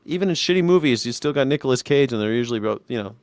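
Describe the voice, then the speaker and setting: A man's voice: mid-range voice, expressive, racing, clear, resonant tone, no echo. Sarcastic guy reacting to news clips, dry close mic, no room sound. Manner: sarcastic, mocking asides. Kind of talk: casual reaction commentary.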